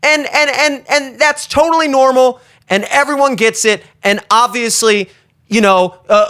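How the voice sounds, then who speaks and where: Host role: man from the Baltimore area, bright tense tone, loose profane rant delivery. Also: very high-pitched, measured pace, clear, resonant tone. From Baltimore area, USA. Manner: animated, profane, rambling. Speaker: show host. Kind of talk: casual comedic rant.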